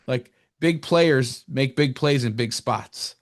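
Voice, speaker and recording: He's a New Jersey man co-hosting a sports podcast, speaking fast and casually. His talk rambles and grows animated, and his pitch jumps up whenever he mocks someone.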